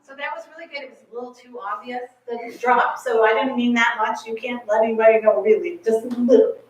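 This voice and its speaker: A woman's voice: a little high, fairly even intonation, brisk, lo-fi sound. Woman coaching, singing phrases in echoey room. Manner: encouraging, sings phrases on syllables. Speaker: masterclass coach. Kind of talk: coaching a chamber ensemble. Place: large echoey rehearsal room. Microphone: far camera mic. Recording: very echoey room, distant mic.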